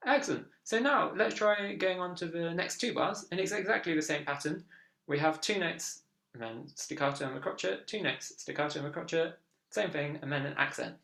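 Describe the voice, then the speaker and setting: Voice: mid-range voice, animated, fairly quick, vocal fry, a bit bright. A viola teacher giving an online lesson, encouraging and counting beats aloud. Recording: echoey room with viola playing.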